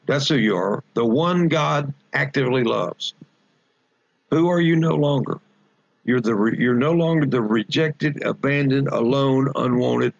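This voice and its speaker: A pastor delivers a Bible study, pausing to unpack Greek words and repeating his points for emphasis. His voice is gravelly and a little husky. The recording is dull and dry, without room echo. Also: medium pitch.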